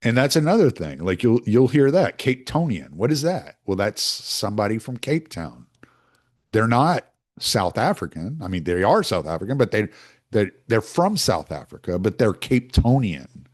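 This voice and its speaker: Man, american, casual monologue, rambling, opinionated, lively intonation. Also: on the low side, moderate pace. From United States. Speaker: podcast host.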